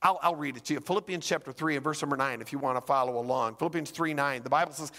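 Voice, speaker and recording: Animated high-voiced male pastor preaching. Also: very fast, hardly any pauses, long reverb tail. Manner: animated preaching, acting out voices, swinging from loud to hushed. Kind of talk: sermon.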